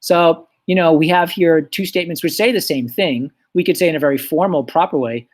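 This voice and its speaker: A man teaching a recorded lesson, explaining things in a relaxed way with lots of fillers. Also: on the high side, brisk, few pauses.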